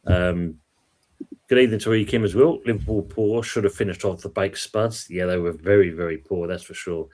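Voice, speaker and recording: Deep-voiced man reading live chat. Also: moderate pace, a little mellow. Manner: chatty, reads out viewer comments. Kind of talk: casual football chat.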